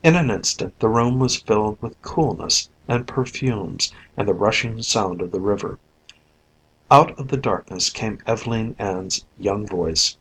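Man, audiobook narration, measured, low voice, husky. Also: a bit bright, low-quality recording. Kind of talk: scripted narration.

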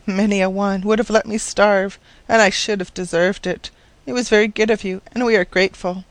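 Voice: mid-range voice, steady tone, a little fast, dry recording, voice pushed up, natural voice. An audiobook reader voicing a sad, crushed widowed woman who talks in faint, complaining tones. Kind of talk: audiobook reading.

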